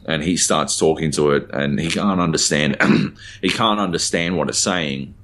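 A man's voice: rumbling low, moderate pace, a bit bright. A man co-hosting a podcast, chatting casually and rambling with lots of fillers and offhand swearing. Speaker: podcast co-host. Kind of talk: casual chat.

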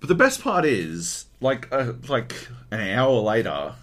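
A lively, sing-song Australian man co-hosting a casual chat podcast. He recounts a gaming story with loose, rambling energy and plenty of swearing, voicing other people's lines as he goes. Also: medium pitch, a little slow. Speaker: podcast co-host.

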